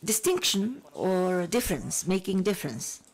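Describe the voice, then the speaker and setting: Woman interpreting in halting phrases. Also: fairly low pitch, big pitch swings, a little mellow, a little hiss or hum.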